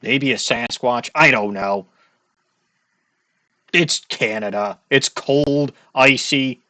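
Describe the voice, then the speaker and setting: Over a courtroom game, a let's play host with a Midwestern accent rambles and jokes, often cutting himself off. He speaks slowly at medium pitch, in a pushed, bright voice, with no room sound in the recording.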